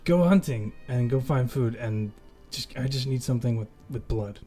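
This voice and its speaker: A man's voice: mid-range voice, mellow, faint music behind, natural voice. Man voicing a sighing, hungry talking rat. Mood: pleading, furtive. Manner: sighing, halting, pleading. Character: hungry male rat speaking telepathically.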